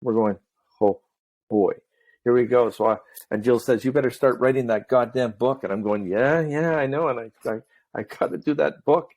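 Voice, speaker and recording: A man's voice: mid-range voice, normal speed. Middle-aged guy hosting a chat show, talks a mile a minute, lots of stories. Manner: talkative, animated storyteller. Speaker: podcast host. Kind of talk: casual chat.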